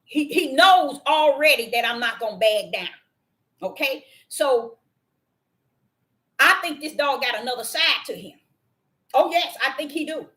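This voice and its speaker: An older woman hosting a casual talk, telling a story in an animated, emphatic way and speaking directly to her listeners. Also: high voice, measured pace, long pauses. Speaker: host.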